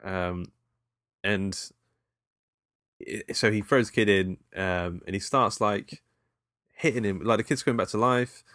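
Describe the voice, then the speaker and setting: A man's voice: on the low side, steady tone, unhurried, long pauses, a bit bright, dry recording, studio quality. A British man recapping a film in casual chat, rambling with laughs and fillers. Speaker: podcast co-host.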